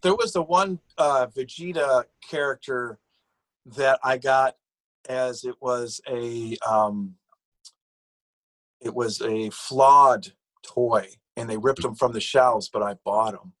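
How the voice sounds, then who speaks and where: A man in an easygoing podcast chat, trailing off and circling back as he talks. His voice sits at an ordinary, middle pitch. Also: slow, a bit bright, poor audio. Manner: rambling, restarts a lot. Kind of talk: casual chat.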